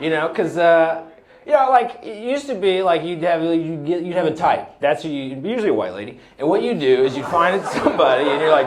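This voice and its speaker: A man's voice: fairly high pitch, expressive, fairly quick, a crowd in the background. A man in his thirties doing a stand-up set, talking casually and loosely, often laughing between lines. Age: 30s. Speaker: stand-up comedian. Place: comedy club stage with audience laughter.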